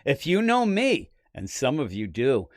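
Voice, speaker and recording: A man hosting a podcast, talking casually about comics in an animated, rambling way with frequent laughs. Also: mid-range voice, a little slow, no room sound, clean studio sound. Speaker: podcast host. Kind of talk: casual comic book chat.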